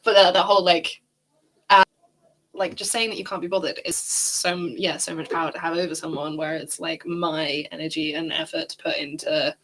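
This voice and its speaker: A woman's voice: low-pitched, steady tone, normal speed, a bit bright. A woman from Britain hosting a podcast, chatting casually and often saying 'like' as she talks. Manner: chatty, lots of fillers like 'like'. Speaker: podcast host. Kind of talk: casual chat.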